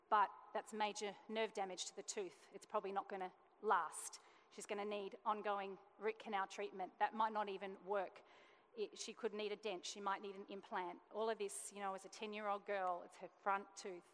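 A woman's voice: medium pitch, a bit bright, a little hiss or hum. A woman giving an earnest, emotional personal testimony as a mother, with frequent restarts. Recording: long reverb in a large hall.

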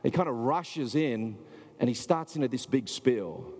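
Husky guy preaching, rambly and conversational, big echoey hall. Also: medium pitch, expressive, measured pace, a little mellow. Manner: conversational preaching with filler words and restarts. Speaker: pastor. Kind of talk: sermon.

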